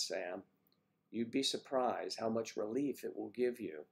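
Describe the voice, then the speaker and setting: An older man hosting a casual livestream, chatting warmly with viewers by name and rambling through stories. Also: on the low side, a little slow, gravelly. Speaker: livestream host reading viewer comments. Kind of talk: casual chat.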